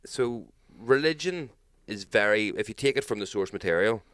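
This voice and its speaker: A Northern Irish man co-hosting a casual podcast chat, telling animated stories, swearing freely and mimicking people loudly. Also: fairly low pitch, moderate pace, clear, resonant tone, dry recording, clean studio sound. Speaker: podcast co-host.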